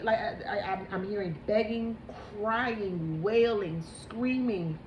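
A woman giving a psychic tarot reading, halting and emotional, repeating herself as she talks. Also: mid-range voice, muffled recording. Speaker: tarot reader. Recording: echoey room with background noise.

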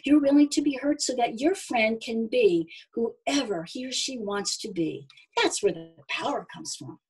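A woman voicing a gentle young mother-to-be in a storybook, speaking softly and soothingly. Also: on the high side, expressive, a little slow, husky, full character voice, rough recording. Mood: tender. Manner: soft, soothing reassurance. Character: gentle young expectant mother, calm and wise.

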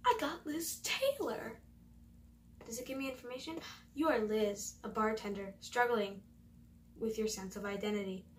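A woman's voice: fairly high pitch, normal speed, recorded from a distance, slight background noise, poor audio. A young woman vlogging at home, chatting casually as she reads and answers quiz questions aloud. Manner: chatty, thinking aloud, reading quiz options. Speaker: YouTuber.

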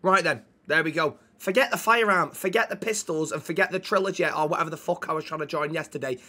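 A man's voice: on the high side, fast talker, pushed and bright. A man role-playing a police officer, ranting indignantly and swearing heavily. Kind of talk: role-play banter.

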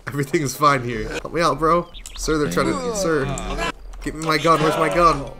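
A man giving casual gameplay commentary, swearing constantly, laughing a lot and breaking into sudden yelled outbursts. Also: a little high, moderate pace. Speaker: gaming video creator. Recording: game music playing under voice.

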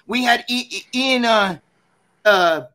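Man, high voice, sharp bright tone, profane rambling chat, lots of fillers. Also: takes it slowly. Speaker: interview guest. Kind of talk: casual chat.

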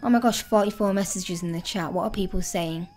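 A woman hosting a gaming video, chatting excitedly and thinking aloud as she plays. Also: mid-range voice, fairly quick, slight background noise. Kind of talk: casual let's-play commentary.

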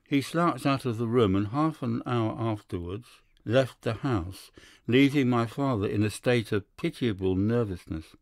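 A man narrating a classic story in a measured storytelling manner. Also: mid-range voice, no echo, studio quality. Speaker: audiobook narrator. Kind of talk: scripted narration.

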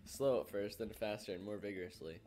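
A man's voice: lowish voice, a little fast, darkish tone. A young man hosting a let's play, reading a dating game's text aloud in a casual way and laughing often. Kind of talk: casual gameplay commentary.

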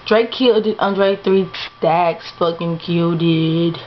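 A woman's voice: on the low side, steady tone, takes it slowly, muffled recording, a little hiss or hum. A young woman rambling in a late-night home vlog, tired, slangy and swearing freely, playing up a put-on accent. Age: young adult. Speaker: vlogger.

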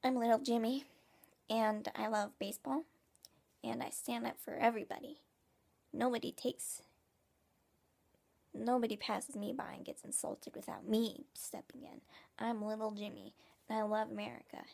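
Woman putting on a wholesome little 50s boy, earnest, husky and gravelly. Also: fairly high pitch, level tone, moderate pace, long pauses, warm tone. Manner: earnest, chanting simple declarations. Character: eager wholesome 1950s young boy.

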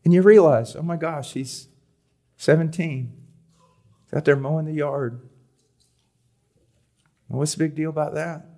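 A middle-aged man preaching a sermon at a conference, moving between loud emphatic reading and soft, hushed pleading. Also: fairly high pitch. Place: conference hall.

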